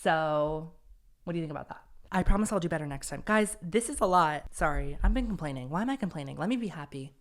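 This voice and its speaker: Chatty young man with a smooth voice. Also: fairly high pitch, animated, fast talker. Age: young adult. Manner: chatty, rambling and self-deprecating, with lots of "like" and "um". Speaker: podcast host. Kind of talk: casual solo podcast chat.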